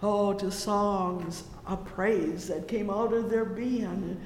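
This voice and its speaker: A preacher delivering a fervent sermon, repeating "oh, yes" and "praise the Lord" and swelling loudly on the exclamations. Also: fairly even intonation, takes it slowly. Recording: echoey hall with faint rumble.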